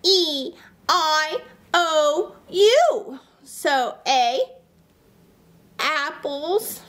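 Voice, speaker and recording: A woman voicing a playful young dinosaur who sings and roars, teaching children in a sing-song, drawn-out way. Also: sits high, fairly bright tone, full character voice. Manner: sing-song, stretches vowels, drawn-out words. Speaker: children's puppet show host. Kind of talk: children's sing-along lesson.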